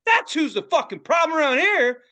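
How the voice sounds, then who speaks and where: A man voicing an older male record store owner who rants loudly and profanely about baseball. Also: very high voice, fairly quick, voice pushed up. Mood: ranting. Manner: loud, profane, ranting.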